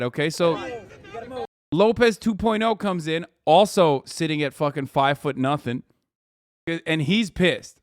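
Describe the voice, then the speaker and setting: A man's voice: fairly high pitch, unhurried, dry recording, clean studio sound. A man in his thirties casually commenting on a video as a streamer, profane and mocking.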